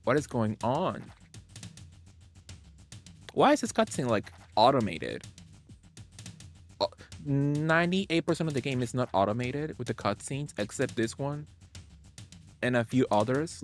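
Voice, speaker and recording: A man streaming a game, making playful, sarcastic asides between scenes. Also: medium pitch. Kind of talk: casual gameplay commentary.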